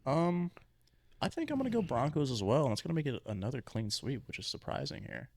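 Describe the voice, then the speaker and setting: A young man co-hosting a casual sports podcast, relaxed with lots of fillers. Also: mid-range voice, brisk, vocal fry, slight background noise. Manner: relaxed, mumbly filler-heavy. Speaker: podcast co-host.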